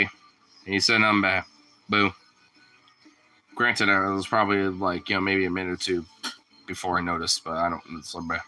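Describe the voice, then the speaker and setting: Young male vlogger, very bright tone, lively pitch, loose slangy delivery with swearing. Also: low-quality recording. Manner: swearing, slangy, slips into high baby talk with his dogs. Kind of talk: casual talk to camera and dogs.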